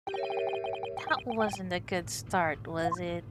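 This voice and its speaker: A woman's voice: mid-range voice, animated, slow pace, background noise. Woman streamer making wry asides. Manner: wry asides and joking comments. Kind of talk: playing and reading a game aloud.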